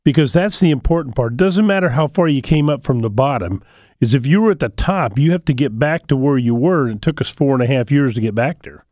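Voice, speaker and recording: A man's voice: medium pitch, a little fast, dry recording, clean studio sound. Folksy male radio money host. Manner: folksy, energetic storytelling with restarts. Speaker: radio show host, financial advisor. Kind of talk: call-in radio talk, storytelling.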